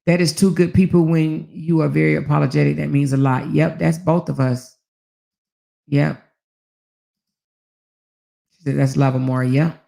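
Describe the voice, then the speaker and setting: The host is a woman with a low-pitched, gravelly voice who talks a little slowly and pauses often. On her casual talk channel she shares animated stories with viewers, laughing a lot, cursing casually and acting out quoted lines.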